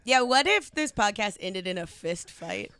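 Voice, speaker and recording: A young woman co-hosting a podcast in casual chat, animated and quick with jokes. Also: medium pitch, smooth. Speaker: podcast co-host.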